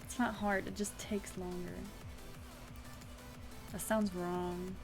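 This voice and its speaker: A woman's voice: mid-range voice, level tone, slow. A young adult woman streaming, chatting casually and reading a story game aloud, swearing now and then and talking to her chat. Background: faint music.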